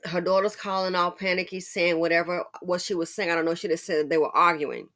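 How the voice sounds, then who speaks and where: A woman giving casual commentary on a news story, animated and talking straight to her viewers. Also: fairly low pitch, a little fast. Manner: animated, addresses viewers directly.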